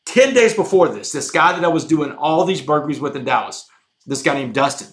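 A man telling his own story as a podcast guest, intense and emphatic, going from hushed lines to shouted ones. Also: on the high side, lively intonation, fairly quick. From Texas. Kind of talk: dramatic storytelling.

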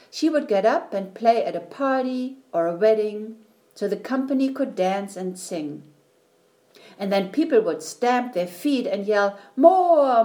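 A woman reading a children's storybook aloud in a gentle, unhurried way. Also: mid-range voice. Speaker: reader.

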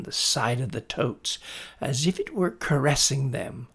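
Slow, gravelly male storyteller. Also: medium pitch, animated, fairly bright tone. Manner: slow, deliberate storybook reading. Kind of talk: reading a children's story aloud.

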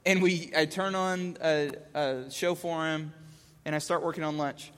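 A man in his thirties telling a comic story about his young son, animated and jumping between voices. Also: fairly high pitch, measured pace, clear, resonant tone. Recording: echoey hall.

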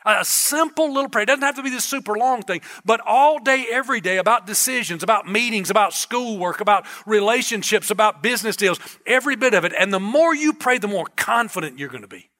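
High, bright-voiced male pastor preaching. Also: expressive, fast, hardly any pauses. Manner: conversational preaching with emphatic repetition. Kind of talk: sermon.

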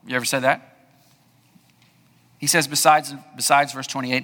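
Bright-voiced man preaching in a hall. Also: on the high side, expressive, moderate pace, long pauses. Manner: conversational preaching with rhetorical questions. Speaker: pastor. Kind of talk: sermon.

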